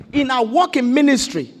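A Nigerian woman pastor delivers a sermon. Her voice swings widely in pitch. She preaches exuberantly and rises into shouted declarations. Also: sing-song, a little slow.

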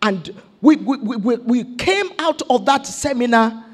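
A Nigerian woman pastor delivers a sermon. Her voice swings widely in pitch. She preaches exuberantly and rises into shouted declarations. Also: expressive, unhurried.

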